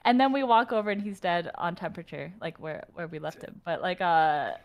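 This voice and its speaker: A woman's voice: lowish voice, expressive, a little fast. A woman streaming a social deduction game, chatting casually and laughing a lot.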